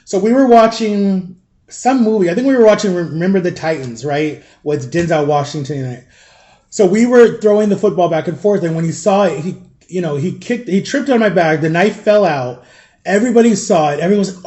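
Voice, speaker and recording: A man's voice: on the high side, a little fast, darkish tone. A man in his thirties telling a long story in a casual, rambling way, full of "like" and acted-out quotes. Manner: rambling, heavy use of "like", acts out quoted people. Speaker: vlogger. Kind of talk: casual storytelling while eating.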